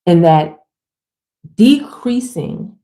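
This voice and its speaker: A woman's voice: lowish voice, lively intonation, extremely slow, mellow. A woman giving a casual, emphatic livestream pep talk, talking straight to her women viewers in slangy, chatty speech. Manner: fired-up, emphatic, swears casually. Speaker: motivational speaker.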